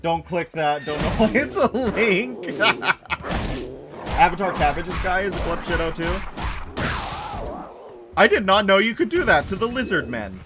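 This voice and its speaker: A man's voice: high-pitched, big pitch swings, a little slow, long pauses, background noise. A man chatting casually with viewers while playing a game, rambling and correcting himself. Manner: rambling, self-correcting, reassuring chat. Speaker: game streamer. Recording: game music playing under the voice. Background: game music.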